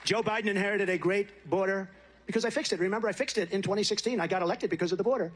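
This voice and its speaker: A man delivers a campaign rally speech at a brisk clip. He rambles, boasts and circles back over the same points again and again, his voice sitting high for a man. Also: a crowd in the background, noisy background. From United States. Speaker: political candidate.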